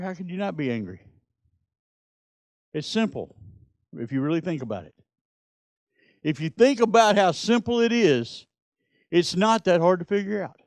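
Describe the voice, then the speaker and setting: A man's voice: sits high, darkish tone, no room sound. A middle-aged man, preaching a sermon and telling Bible stories with rising, emphatic peaks. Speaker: pastor.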